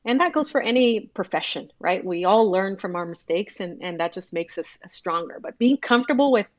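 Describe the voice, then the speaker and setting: A woman's voice: mid-range voice, expressive, normal speed, no room sound, lo-fi sound. A woman from Brazil, a native Portuguese speaker, talking as a professor in a podcast interview, earnest with many restarts. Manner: earnest, lots of restarts and little laughs.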